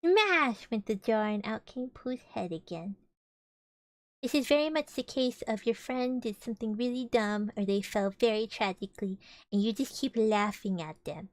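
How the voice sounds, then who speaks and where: High-voiced, chatty young woman reading aloud. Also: moderate pace, no echo. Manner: chatty, giggly asides between passages. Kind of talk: casual storybook reading with chat.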